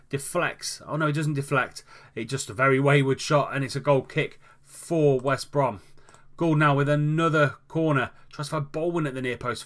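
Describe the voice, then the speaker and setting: A man's voice: mid-range voice, a bit bright. Guy playing a football manager game, commentating the match like it's live, voice lifts at the goals. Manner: calls the match like a commentator, lifting his voice at goals.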